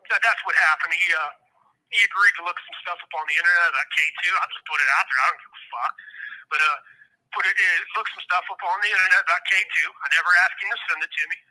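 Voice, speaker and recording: A man's voice: high voice, fast talker, bright, forceful tone, low-quality recording. A middle-aged man from Ohio, a prison inmate guest on a phone interview, talking in a heated, profane and rambling way.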